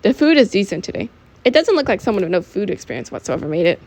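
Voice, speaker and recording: A young woman narrating her own story as an amateur audiobook, her voice rising and falling in a lively, animated way. She stumbles now and then and goes back to fix her words mid-sentence. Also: medium pitch, fast talker. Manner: animated, with restarts and self-corrections while reading.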